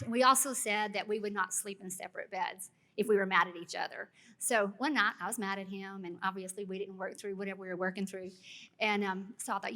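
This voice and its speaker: A woman with a Texan accent, a panel guest telling a marriage story in a lively way. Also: medium pitch. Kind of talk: casual storytelling.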